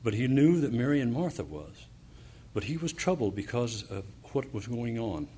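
With frequent pauses, fillers, and restarts, a man reads verses and explains them in a sermon, eventually building to fervent emphasis. His medium-pitched voice swings widely in pitch and is mellow with a breathy edge.

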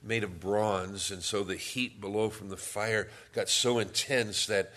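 A man with a fairly low voice preaches a sermon. He tells a story, jokes with the congregation, then reads scripture aloud in a booming, forceful voice. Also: steady tone, measured pace. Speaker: pastor.

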